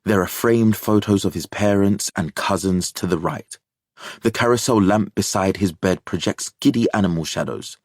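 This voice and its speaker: A man narrating an audiobook thriller in a measured, even storytelling manner. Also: low-pitched, no echo, clean studio sound.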